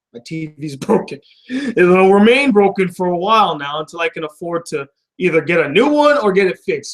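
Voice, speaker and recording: Profane, joking young man, high voice. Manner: profane, joking, self-deprecating. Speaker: vlog host reading fan mail. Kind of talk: casual rambling vlog. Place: home room.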